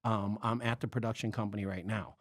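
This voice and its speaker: A man from the Chicago area, a podcast guest, telling a story in casual chat. He is animated, acts out the voices of the people he quotes and swears freely. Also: lowish voice, fairly quick, dry recording, clean studio sound. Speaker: podcast guest, comedy club bartender.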